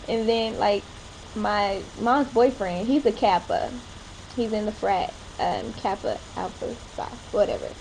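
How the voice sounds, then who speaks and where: A woman's voice: mid-range voice, expressive, measured pace, a little mellow, a little hiss or hum, rough recording. A young woman chatting casually in a home vlog, rambling along with short laughs. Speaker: vlogger. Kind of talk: casual chat.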